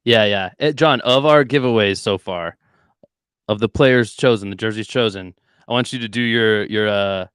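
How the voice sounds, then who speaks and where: A man's voice: fairly low pitch, moderate pace, a bit bright, clean tone, no room sound, studio quality. A man co-hosting a podcast, riffing casually on a game with a jokey, playful, loose way of talking. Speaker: podcast co-host. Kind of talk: casual sports chat.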